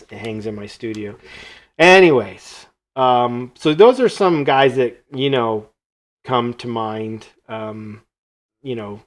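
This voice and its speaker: A man hosting a live stream, telling a casual anecdote from his studio and acting out the lines of the people in it. He often trails off into quiet asides. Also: lowish voice. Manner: animated anecdote-telling that acts out quoted dialogue, trailing off quietly. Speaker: host and creature sculptor. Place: his own art studio.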